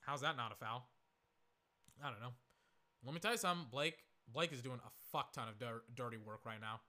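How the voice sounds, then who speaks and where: A hoarse young man giving casual, rambling live commentary on a basketball game, full of fillers and swearing. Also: medium pitch, fairly quick, pushed and bright.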